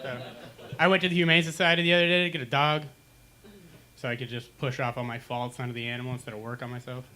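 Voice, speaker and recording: A young man doing a stand-up comedy set on a small lounge stage, telling dark jokes in a deadpan way. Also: mid-range voice, fast, a little hiss or hum. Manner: dark deadpan jokes, acting out pained groans.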